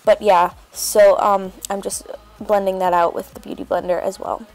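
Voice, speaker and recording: A woman's voice: medium pitch, flat delivery, moderate pace, a little mellow. A woman chatting casually as she narrates a makeup tutorial, rambling with lots of fillers. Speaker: beauty vlogger.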